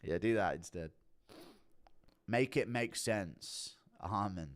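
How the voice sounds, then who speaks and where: A man with a lowish voice talks slowly through casual live-stream commentary. He swears often, giggles a lot and chats with his viewers.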